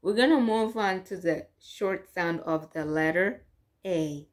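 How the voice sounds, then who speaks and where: A woman teaching English letter sounds, repeating words slowly and drawing out each sound. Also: fairly low pitch. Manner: slow, repetitive, drawn-out drilling of sounds. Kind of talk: slow bilingual phonics lesson.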